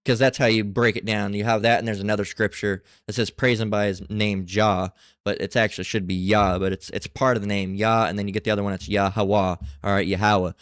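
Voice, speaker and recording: A man with a low, smooth voice talks through a scripture lesson in a loose, halting way. He stops and restarts often and reads passages aloud between his own thoughts. The recording is close and dry. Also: level tone, a bit bright, no room sound. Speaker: religious teacher. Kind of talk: casual scripture teaching.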